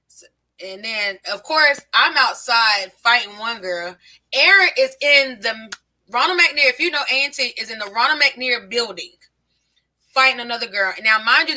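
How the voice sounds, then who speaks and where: A woman's voice: a little high, sharp tone. A middle-aged woman, a podcast guest animatedly telling family stories and laughing often. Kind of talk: casual family storytelling.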